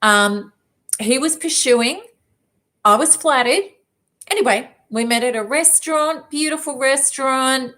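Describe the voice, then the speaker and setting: A woman self-help speaker telling a personal story in an emphatic, lively way. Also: sits high. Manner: lively, emphatic, quick asides. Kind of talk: storytelling talk to an audience.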